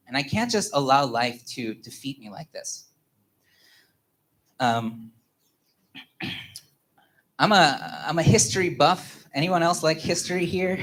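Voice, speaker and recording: A man preaches in a relaxed, conversational way at a family church service. He tells a personal story and often restarts and repeats words. He voices the people in the story, sometimes chuckling. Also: mid-range voice. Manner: halting, repeats words, acts out quotes with laughter.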